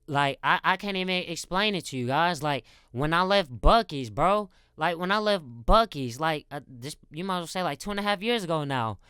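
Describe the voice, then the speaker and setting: A man's voice: fairly high pitch, a bit bright, clean tone, dry recording, studio quality. A man giving a rambling casual faith talk, often repeating words and calling his viewers guys. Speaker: Christian content creator.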